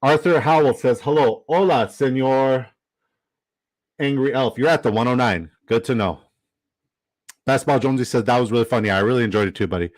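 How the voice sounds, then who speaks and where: Male streamer host, chatty and rambling, average pitch, dry sound. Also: fairly quick, dry recording, rough recording. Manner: chatty and upbeat, rambling with fillers and shout-outs. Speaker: livestream host. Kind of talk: casual live-stream chat, reading viewer comments.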